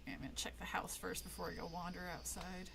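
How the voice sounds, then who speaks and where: A woman playing a horror game and commenting aloud, chatty and quick to laugh as she talks back at what she sees. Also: fairly low pitch, little pitch movement, creaky, background noise. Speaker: video game streamer. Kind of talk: let's play commentary. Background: game music.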